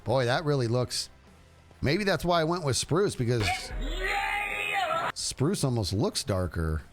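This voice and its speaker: A man streaming a game and chatting casually, animated and jokey, talking to himself as he plays. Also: mid-range voice, measured pace, shouting, over music. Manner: animated, jokey, talks to himself while playing. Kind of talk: casual gameplay commentary.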